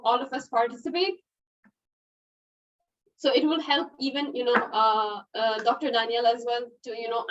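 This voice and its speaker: A woman hosting an online webinar in a chatty, casual way, laughing often and filling pauses with "okay" and "you know". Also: high-pitched. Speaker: webinar host. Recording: dull, distant webinar audio.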